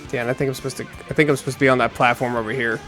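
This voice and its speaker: A man's voice: medium pitch, fairly even intonation, rapid-fire, a bit bright. A man co-hosting a gaming show, chatting casually and telling a rambling story, acting out the voices of the people in it. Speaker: co-host playing a video game. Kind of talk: casual chat while gaming. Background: faint game music.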